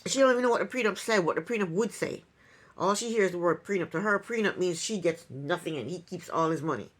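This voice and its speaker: A woman's voice: fairly low pitch, animated, fast. Opinionated woman recapping reality TV. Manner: opinionated, sarcastic, chuckling asides. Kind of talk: casual TV recap commentary.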